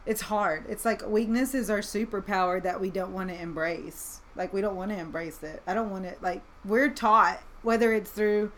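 A woman's voice: mid-range voice, steady tone, normal speed, hardly any pauses, a bit bright, slight background noise. A woman hosting a casual faith conversation, enthusiastic and affirming, with many "likes" in her speech. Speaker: podcast host.

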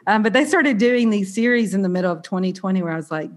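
A woman's voice: mid-range voice, quick pace, hardly any pauses. A woman with a Southern US accent hosting a podcast, sounding a little nasal and congested, chatty and bubbly with a self-deprecating streak. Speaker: podcast host. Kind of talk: casual podcast chat.

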